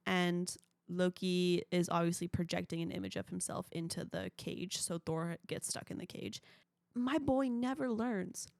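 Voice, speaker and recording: A young woman talking on her podcast in a gushing, chatty way, her voice full of vocal fry. She sounds close and dry, with no room sound around her. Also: mid-range voice, dry recording. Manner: gushing, chatty fan enthusiasm. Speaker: podcast host. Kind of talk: casual solo podcast chat.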